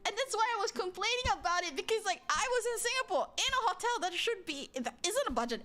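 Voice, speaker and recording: A woman's voice: very high-pitched, brisk. A woman hosting a live stream, chatting casually with viewers, rambling, breaking off mid-sentence and often laughing as she talks. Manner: animated, rambling, frequent self-interruptions and exclamations. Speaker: livestream host. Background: soft background music.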